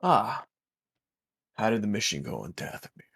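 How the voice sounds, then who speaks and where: A man doing Dryden Voss, gravelly crime boss. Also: fairly low pitch, big pitch swings, moderate pace, a bit bright, no echo, studio quality, full character voice. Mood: smooth. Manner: silky with threats. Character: menacing male crime boss, smooth and threatening.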